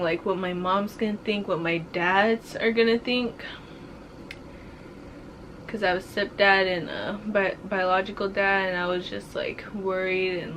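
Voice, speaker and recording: A woman's voice: medium pitch, fairly bright tone, slight background noise. A young woman casually telling a personal story to camera, full of fillers and growing emotional. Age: young adult. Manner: slow, emotional, many fillers like "like". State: currently pregnant. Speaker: vlogger.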